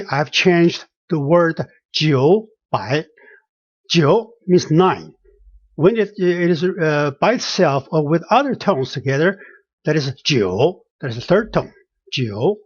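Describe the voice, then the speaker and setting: Slow, halting man teaching tones. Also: a little high, expressive, no echo. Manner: slow and halting, many fillers, repeats words to model pronunciation. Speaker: Chinese language teacher. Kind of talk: explaining a language lesson. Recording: dull lo-fi dry recording.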